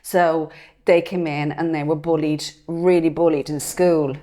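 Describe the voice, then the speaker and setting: A woman's voice: sits low, unhurried. A woman, co-hosting a podcast and telling stories in casual chat with frequent restarts. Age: 50s. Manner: animated storytelling with restarts. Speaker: podcast co-host.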